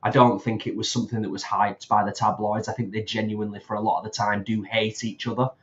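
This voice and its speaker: A man's voice: lowish voice, level tone, fast, dull audio. A man co-hosting a casual livestream, reading out viewer comments and chatting, with laughs along the way. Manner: chatty, laughs often, reads comments aloud. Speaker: co-host reading chat.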